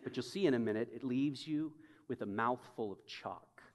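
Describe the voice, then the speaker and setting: A man's voice: medium pitch, normal speed, long reverb tail. A man preaching a sermon with emphatic, conversational delivery and touches of humor. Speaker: pastor.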